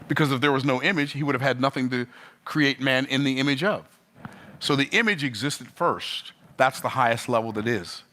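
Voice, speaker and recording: A man delivers a sermon in a bright, ringing voice. His delivery rises and falls, and he keeps asking the listener questions. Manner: rhythmic preaching, rising and falling in pitch. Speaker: preacher.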